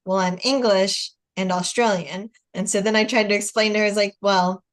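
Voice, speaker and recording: Hosting a relaxed video chat, this American woman in her forties spins stories with frequent laughter and acted-out lines. She talks a bit fast in a steady, mid-range voice.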